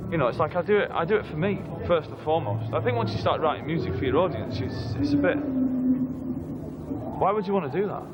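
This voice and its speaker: A man's voice: a little high, very animated, fast, loud music behind the voice, rough recording. A man speaking bluntly and dismissively, interviewed outdoors. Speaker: musician interviewee.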